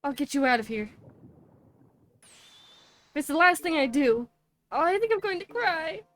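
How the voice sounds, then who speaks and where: A woman voicing a small, excitable, loyal male dog in a video game, squealing and overwrought. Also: very high voice, normal speed, pitched above the performer's own voice. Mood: frantic. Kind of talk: video game dialogue read aloud.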